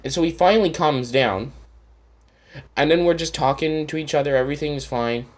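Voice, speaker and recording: A man's voice: a little high, normal speed. A man from Canada telling a story in a casual, rambling rant, swearing often and sarcastic. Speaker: channel host.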